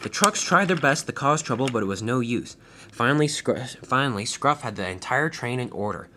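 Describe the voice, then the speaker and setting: A man's voice: mid-range voice, expressive, a little fast, pushed and bright. A man narrating a toy train story in a plain manner, sometimes restarting sentences.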